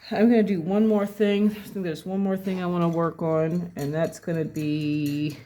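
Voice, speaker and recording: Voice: mid-range voice, level tone, normal speed, mellow, a little hiss or hum. A painting instructor casually talking through each brushstroke at a desk, thinking aloud and correcting themself as they go. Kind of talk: casual step-by-step painting demo. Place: at a home desk.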